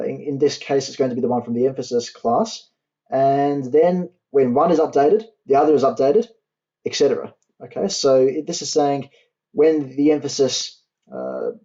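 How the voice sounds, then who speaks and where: A man's voice: medium pitch, warm tone, muffled recording. Man dictating code in a tutorial. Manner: talks while typing code, spells out syntax slowly. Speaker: university tutor. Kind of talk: coding tutorial.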